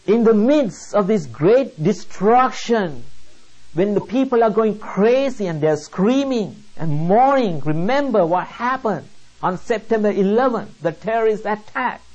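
A preacher gives a sermon at an unhurried, deliberate pace, leaning hard on each point with rhetorical questions. The voice sits in a middle register. The recording sounds muffled and lo-fi. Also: medium pitch, animated, a little mellow. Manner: slow, emphatic, rhetorical questions.

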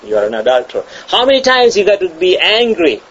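A man's voice: high voice, huge pitch swings, fast, a bit bright. A man preaching a sermon in an emphatic way, repeating and restarting his phrases and acting out the voices he quotes. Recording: dull lo-fi sound with faint ambient noise.

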